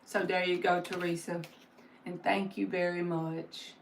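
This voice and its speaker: A woman's voice: fairly low pitch, level tone, unhurried, slight background noise. A woman hosting a live tarot stream, chatting casually and giving encouraging spiritual advice with plenty of fillers.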